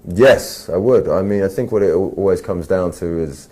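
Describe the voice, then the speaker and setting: A man with an English accent speaks low and slow, his tone mellow and dark. He answers an interviewer's questions with a dry, measured, gently teasing manner, casual and unhurried. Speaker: actor being interviewed.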